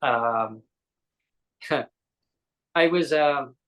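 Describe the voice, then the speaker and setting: A man's voice: medium pitch, extremely slow, a bit bright, rough recording. A man, a guest on a live interview show, tells a personal story in a rambling way, often correcting himself and acting out quoted dialogue.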